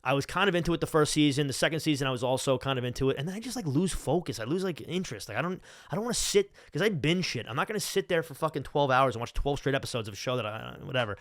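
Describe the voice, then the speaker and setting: A man in his late twenties from Long Island, talking solo on his podcast in a loose, rambling rant. He swears freely and keeps a sardonic edge, at an average pitch for a man. The sound is very dry, close to the mic. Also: animated, very fast, hardly any pauses, fairly bright tone, no echo. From Long Island, New York. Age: 20s. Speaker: podcast host. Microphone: studio podcast mic.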